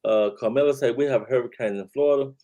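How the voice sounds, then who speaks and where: A man's voice: medium pitch, fast talker, warm tone, dull audio. A man hosting a casual live-stream talk show, laid-back and repeating "man" and "y'all" as he reads out the chat.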